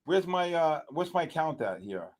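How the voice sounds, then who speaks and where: A man hosting a live trading stream, giving excitable, exclamatory market commentary and calling out viewers by name. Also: on the high side, moderate pace.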